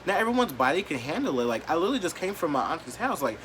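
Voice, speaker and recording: A man's voice: big pitch swings, rapid-fire, a little hiss or hum. Man ranting bluntly to camera. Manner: blunt, profane and heated, heavy use of "like"; swings between quiet, hurt lows and loud, defiant outbursts. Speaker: vlogger. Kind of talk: emotional rant to camera.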